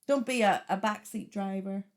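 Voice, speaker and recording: A woman, co-hosting a casual podcast and telling stories in an animated way. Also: medium pitch, moderate pace. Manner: animated storyteller, acts out voices, laughs often. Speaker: podcast co-host. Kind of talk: casual chat.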